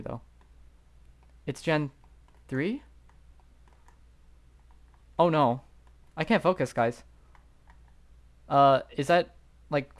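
At his desk mic, a young man with an ordinary mid-pitched voice gives live commentary on a geography guessing game. He rambles, second-guesses himself, and trails off into fillers as he thinks aloud.

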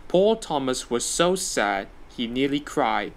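A man's voice: mid-range voice, very animated, slow, low-quality recording. A man reading a children's railway story aloud as the narrator.

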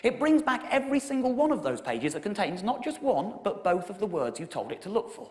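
Animated English comedian telling a story. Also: male voice, a little fast. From England. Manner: animated, wry storytelling with sudden high emphatic peaks. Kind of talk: stand-up storytelling show. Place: theatre stage with audience laughter.

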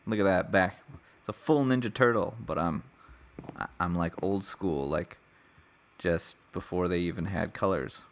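A man's voice: sits low, unhurried. A man giving casual let's play commentary, chatting to the animals in his game with mock-angry outbursts. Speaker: gamer.

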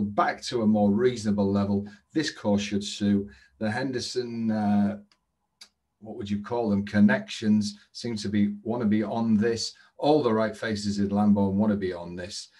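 Brisk man giving racing tips. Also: medium pitch, darkish tone. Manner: brisk, salesy and chatty, tips delivered in quick bursts. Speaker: horse racing tipster. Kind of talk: daily betting tips update. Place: indoor trading room.

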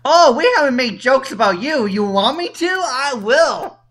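A high-pitched woman hosts an amateur internet radio show. She talks casually and teases a rival, often stumbling and restarting her words. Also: expressive, unhurried.

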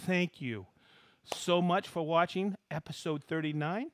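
A man hosting a live stream, chatting casually and excitedly calling out where his viewers are watching from, with whoops. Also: high-pitched, a little slow, dry recording, studio quality. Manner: excitable, whoops while reading out viewer locations. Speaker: live show host.

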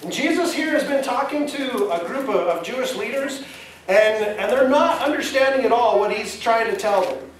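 In an echoey church sanctuary, a high-voiced man preaches a sermon at a moderate pace, animated and conversational as he asks the congregation questions. The pastor is recorded from a distance, with a little hiss or hum.

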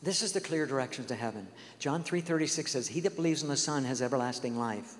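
A man preaching a sermon, telling stories earnestly and acting out the dialogue. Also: medium pitch. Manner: earnest storytelling, acts out quoted dialogue. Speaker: guest speaker. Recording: long hall reverb.

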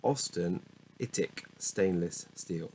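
A man's voice: low-pitched, slow pace, dark tone, a little hiss or hum, poor audio. A man reading dictionary entries aloud one after another, muttering and correcting himself with wry asides. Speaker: solo reader of a dictionary. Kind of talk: reading word lists aloud.

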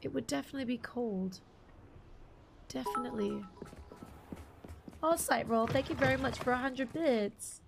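A woman's voice: on the high side, normal speed, vocal fry, long pauses, background noise. A young woman streaming a game live, chatting casually with viewers and greeting them by name while her voice is partly lost and slightly strained.

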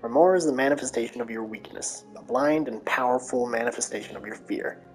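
A woman voicing a scheming old male asylum doctor who speaks in a calm, smug, condescending manner. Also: extremely low pitch, fairly quick, soft background music, rough recording. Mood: cold.

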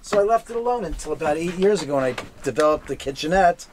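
A man showing guests around his house indoors and telling lively stories, acting out the voices of others. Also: fairly high pitch, fast, background noise. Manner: lively, acts out quoted voices. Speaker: homeowner giving a house tour. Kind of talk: animated storytelling.

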